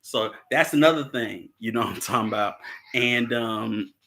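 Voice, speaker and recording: Bright-voiced man recapping a film. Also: medium pitch, normal speed. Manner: rambling, chuckles often, acts out characters' lines. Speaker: movie discussion participant. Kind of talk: casual chat recapping a film.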